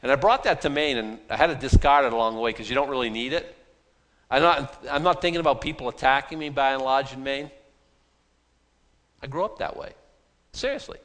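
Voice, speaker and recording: A man's voice: mid-range voice, fairly quick, long pauses, fairly bright tone. A man with a Boston accent, a pastor preaching an informal, chatty sermon with self-deprecating asides. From Boston, USA. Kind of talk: conversational sermon. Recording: long hall reverb.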